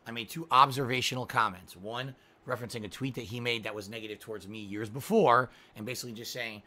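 Man, middle-aged, streamer, livestream rant, sarcastic, bright forceful voice. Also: mid-range voice, steady tone, fast, hardly any pauses. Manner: ranting, sarcastic at times. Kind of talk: livestream talk.

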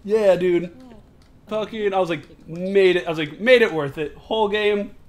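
A young man co-hosting a gaming video, telling stories with lots of swearing and loud laughter. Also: high-pitched, moderate pace. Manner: profane, storytelling, loud laughing outbursts. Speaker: gaming co-host. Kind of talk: casual gaming chat.

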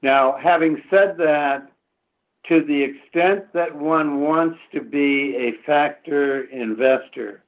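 A man from the United States, an economist guest answering interview questions in a measured way, pausing often on fillers. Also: medium pitch. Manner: measured, with frequent filler pauses. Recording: tinny phone-like line.

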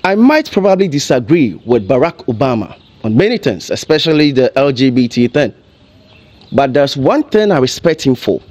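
Impassioned Ghanaian man with a lively voice. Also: mid-range voice, normal speed. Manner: emotional, full of rhetorical questions. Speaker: TV commentator. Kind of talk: impassioned commentary.

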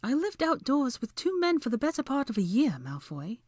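A woman's voice: sits high, sing-song, moderate pace, a little mellow, no room sound, clean studio sound, voice pushed up. A woman voicing a prim, clever young woman in a storybook reading. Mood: defensive.

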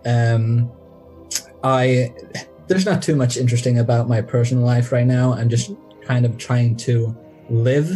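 A modest man, chatting as a podcast guest at a middle pitch, self-deprecating and quick to laugh nervously. Faint music sits softly behind him. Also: steady tone. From Sweden. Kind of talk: casual interview chat.

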